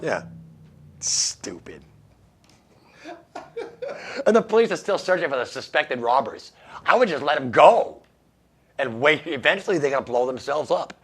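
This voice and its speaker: A man's voice: fairly high pitch, sing-song, measured pace, long pauses, fairly bright tone, slightly rough. A man hosting a radio show, reading odd news stories and making wry jokes about them, laughing at his own lines. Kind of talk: casual comedic news commentary.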